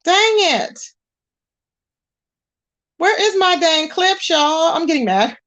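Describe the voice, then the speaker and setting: A woman's voice: extremely high pitch, very animated, takes it slowly, pauses often, fairly bright tone, muffled recording. A woman hosting a casual livestream, greeting viewers and chatting while she searches her screen. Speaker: livestream host.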